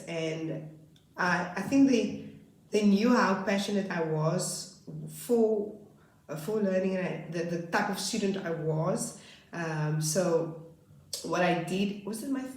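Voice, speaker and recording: A woman's voice: on the low side, darkish tone. A woman in her twenties tells a personal story in a casual, rambling way, often correcting herself mid-sentence. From South Africa. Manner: rambling, self-correcting, earnest. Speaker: vlogger. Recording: very echoey room.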